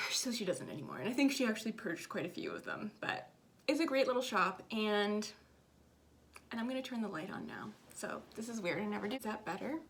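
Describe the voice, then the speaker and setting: A woman's voice: medium pitch, very animated, brisk, gravelly, a bit bright. A woman chatting casually to camera about her cross-stitch projects, rambling and self-deprecating. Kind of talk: casual chat.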